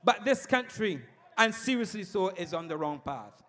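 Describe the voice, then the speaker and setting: A man with a Barbadian accent giving a fiery campaign rally speech, shouting and repeating his address to the crowd. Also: high voice, expressive, moderate pace. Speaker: political candidate.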